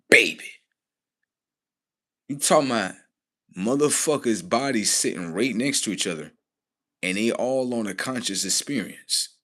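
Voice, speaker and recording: A man talks aimlessly on a relaxed livestream, swearing and slinging slang. He laughs often, his volume lurching from loud outbursts down to low mumbles.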